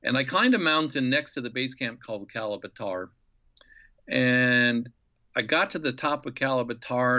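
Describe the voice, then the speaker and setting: A man telling an enthusiastic, reflective story as a guest in an interview, with many pauses and fillers. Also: mid-range voice, sharp tone, highs cut off.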